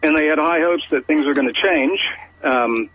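An Australian man phones in to a radio show, speaking in halting fits with many fillers. His voice is somewhat husky. The audio is dull and lo-fi, like a broadcast. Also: on the high side, a bit bright. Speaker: caller.

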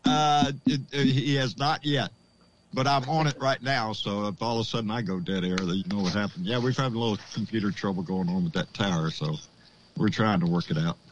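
A man hosting a casual call-in show, excitable and folksy, swearing freely and calling people "baby". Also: lowish voice, a little fast, a little hiss or hum, rough recording. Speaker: podcast host.

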